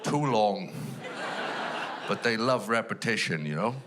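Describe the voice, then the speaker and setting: A man's voice: lowish voice, expressive, measured pace, a crowd in the background. A Welsh man doing dry, self-deprecating stand-up storytelling on a theatre stage. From Wales. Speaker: stand-up comedian. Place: large theatre stage with a live audience. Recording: live theatre with background noise.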